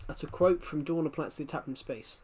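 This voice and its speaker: A man's voice: fairly high pitch, quick pace, a little mellow, breathy edge. A young man with a working-class southwest England accent, chatting casually on a live stream, rambling and repeating himself as he reads the chat aloud.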